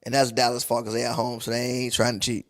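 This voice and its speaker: A man's voice: medium pitch, monotone, fast, dry recording, studio quality. A man co-hosting a podcast, ranting animatedly about the game, profane and repeating his punchlines. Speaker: podcast co-host. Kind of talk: live game reaction chat.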